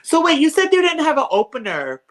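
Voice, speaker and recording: A woman's voice: high-pitched, wildly swooping pitch, brisk. A woman in casual chat, reacting emphatically with blunt, slangy remarks and questions.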